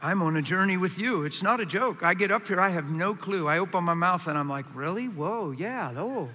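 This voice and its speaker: A man preaching a sermon to a crowd in a large hall, passionate, acting out complaining voices in a higher tone. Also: fairly quick, pushed and bright.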